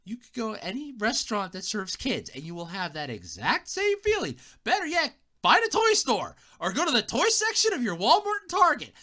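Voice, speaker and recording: Woman podcast host, casual comedic monologue, bright voice and lively swings in pitch. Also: normal speed, few pauses. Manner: animated, sarcastic, laughs often.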